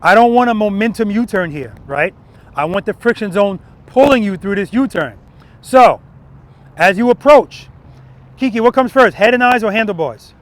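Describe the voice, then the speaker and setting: An expressive male motorcycle instructor, his voice fairly high, teaches an outdoor riding lesson in a parking lot. He drives his points home emphatically and repeatedly, often adding a brief "right?" to confirm his students are with him.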